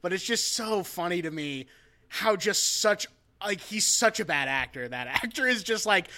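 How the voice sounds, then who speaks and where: High, bright-voiced man in blunt chat. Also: lively intonation, normal speed. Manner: blunt, amused, swears. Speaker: podcast co-host. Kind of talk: casual chat.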